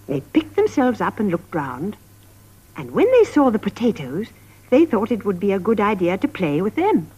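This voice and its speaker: A woman narrates a children's story in a measured, sing-song way. Her voice is lively and a little husky. The old television recording sounds dull and lo-fi. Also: mid-range voice. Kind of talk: gentle scripted storybook narration for young children.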